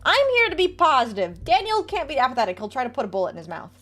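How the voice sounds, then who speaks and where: A young woman streaming a game, chatting casually, swearing and reacting excitedly while she plays. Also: sits high, fast. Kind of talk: playing a game on stream and reading dialogue aloud. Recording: faint music behind.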